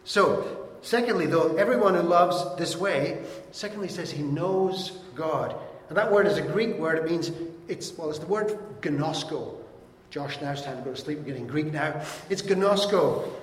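A middle-aged man preaching a sermon as pastor, earnestly teaching and reading verses aloud slowly. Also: on the high side. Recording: echoey hall with long reverb.

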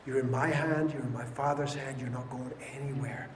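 A man's voice: mid-range voice, steady tone, brisk, slight background noise. A man preaching a sermon emphatically, repeating words for stress, recorded in an echoey hall. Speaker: pastor. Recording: echoey hall with faint ambience.

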